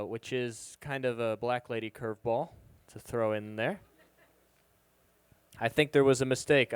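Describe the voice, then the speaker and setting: A man's voice: mid-range voice, smooth, no room sound. A young man doing stand-up comedy at an open mic, talking casually and hesitantly with frequent ums, on a bar stage into a handheld mic. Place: live music bar stage.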